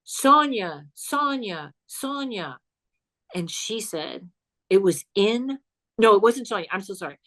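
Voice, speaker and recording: Psychic comedian guest, woman, lively storyteller, mid-range voice. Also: medium pitch, normal speed. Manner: animated, chatty, laughs while telling. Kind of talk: casual storytelling chat.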